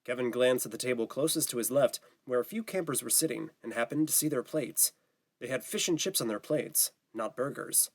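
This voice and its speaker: A man narrating an audiobook in a steady, even reading style. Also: mid-range voice, brisk. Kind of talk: scripted narration.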